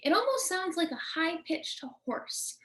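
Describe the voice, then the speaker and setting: A woman nature educator giving a children's lesson, talking slowly and in a friendly way to the kids. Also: extremely high pitch, big pitch swings, sharp tone. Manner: friendly, slow, addressing kids directly.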